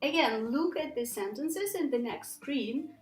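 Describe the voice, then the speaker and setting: A woman with a high, very lively voice gives a pronunciation lesson, taking her time and repeating each word for learners. Her voice rings a little in a roomy space. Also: faint music behind. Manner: patient, repeats words slowly for learners. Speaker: English pronunciation teacher.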